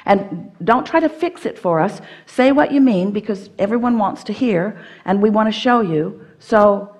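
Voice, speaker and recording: Female seminar speaker, mid-pitched, firm and playful, guides an audience member sentence by sentence. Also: lively intonation, normal speed, a little mellow. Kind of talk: live seminar teaching, speaking as "we".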